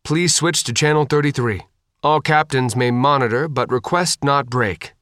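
Man voicing measured male submarine officer on radio, formal procedure, audiobook. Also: medium pitch, a bit bright, no echo, clean studio sound, voice pushed up, natural voice.

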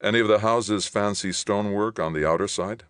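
Reading aloud, a man voices a young male soldier who asks clipped, wary questions. His natural voice is lowish but pitched above his own, fairly quick, with a fairly bright, clear, resonant tone. The sound is clean studio audio with no room sound.

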